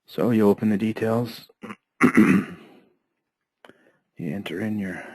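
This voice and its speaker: A hoarse man with a lowish voice guides learners through an accounting program, one methodical step at a time. He keeps clearing his throat as he goes. The sound is dry and close, with no room around it. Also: takes it slowly, no room sound, poor audio. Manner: steady, methodical step-by-step explaining. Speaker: software trainer. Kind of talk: screen-share software tutorial.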